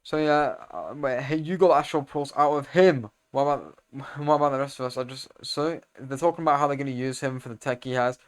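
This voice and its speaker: A young man casually recapping a comic, rambling in slang, correcting himself, and getting loud and excited over the fight scenes. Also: mid-range voice, a little fast. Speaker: video creator explaining comics.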